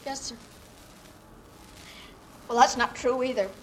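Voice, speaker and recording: A woman's voice: fairly high pitch, slow pace, poor audio. A woman acting an earnest young working-class woman who politely pleads her case to a judge in a dramatic monologue. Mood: pleading.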